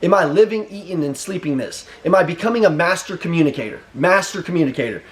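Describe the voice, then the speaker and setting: High-pitched, punchy male sales coach. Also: animated, fast. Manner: intense, punchy, repeats short commands; profane and blunt. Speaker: sales trainer. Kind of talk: motivational sales pep talk.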